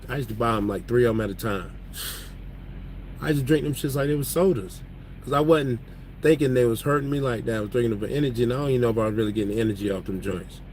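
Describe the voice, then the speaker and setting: A man talking casually from inside his truck cab, spinning loose, joking stories and laughing along the way. His voice sits at an ordinary middle pitch, with a faint hum of road noise underneath. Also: poor audio. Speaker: truck driver vlogger. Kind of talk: casual chat.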